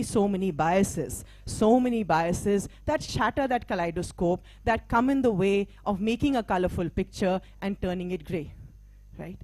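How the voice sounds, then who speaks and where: A middle-aged woman who works as a mental health practitioner and diversity trainer gives a motivational talk at a live event, speaking conversationally from the stage. Her voice sits on the high side with a darkish tone, and the recording is dry. She keeps checking in with the audience by asking "right?" and "okay?"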